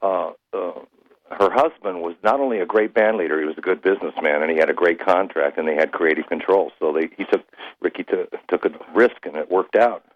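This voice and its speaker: A man in his late sixties from rural Illinois, a band member telling stories in a lively way. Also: low voice, a little fast, dry recording. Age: late 60s. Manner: lively storyteller. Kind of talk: casual interview chat. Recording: tinny phone line.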